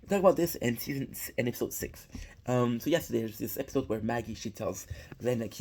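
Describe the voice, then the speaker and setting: A man's voice: mid-range voice, lively intonation, a little fast, darkish tone, slight background noise. A young man giving a casual, rambling recap of a TV episode, swearing freely and often restarting his sentences. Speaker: show reviewer.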